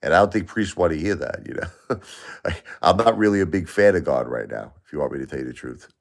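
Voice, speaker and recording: A man's voice: very deep voice, animated, fairly quick, vocal fry. A middle-aged man hosting a livestream, talking emotionally to viewers and repeating himself as he grieves. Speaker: livestream host.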